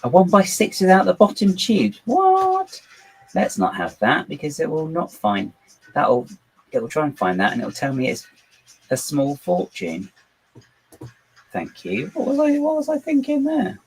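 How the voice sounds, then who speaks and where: This channel host's voice is on the high side and darkish, with a breathy edge and huge pitch swings, and he talks a little slowly over a rough recording. He builds models on his computer during a casual home livestream, rambling, making self-deprecating jokes, and chatting to himself and his dog.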